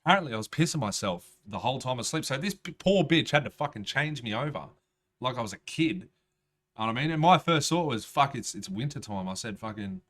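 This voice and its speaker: A man's voice: medium pitch, expressive, brisk, a bit bright. A man, a rapper telling a rambling, profane story in casual storytelling style. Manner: profane, rambling, streetwise slang.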